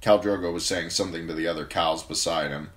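A man reading a fantasy novel aloud as an amateur audiobook narrator, steady and even. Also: deep voice, quick pace.

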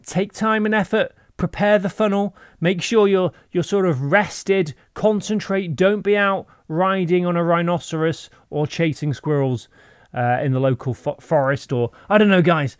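A man's voice: high-pitched, moderate pace, clear, resonant tone, no echo, clean studio sound. A man hosting a gaming channel, giving playful, rambling gameplay commentary with goofy asides over a voice-over mic.

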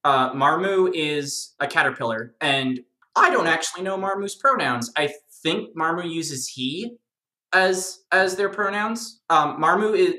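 A speaker explaining video game lore in a casual, animated discussion, chatty and jokey with many fillers and restarts. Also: medium pitch, measured pace, echoey room.

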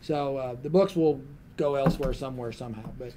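A man on a panel telling a lively anecdote and acting out the other people in his story. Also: mid-range voice, a little fast, a crowd in the background.

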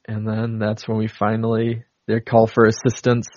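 A man's voice: fairly low pitch, monotone, moderate pace, darkish tone, no room sound. Rambling male podcast co-host, dry and dull. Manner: rambling, retells film scenes with many fillers. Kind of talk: casual chat.

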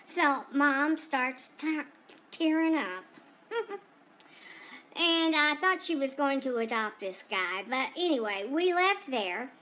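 A woman's voice: high voice, expressive, takes it slowly, pushed and bright, full character voice. A woman voicing a chatty female dog who tells about her day in a rambling, gossipy way, full of asides. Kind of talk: first-person pet vlog narration.

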